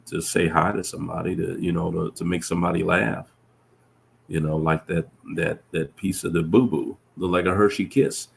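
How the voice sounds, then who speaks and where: A man, a professor, telling reflective stories in a casual conversation, earnest and full of restarts. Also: darkish tone. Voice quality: deep gravelly voice. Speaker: professor, guest.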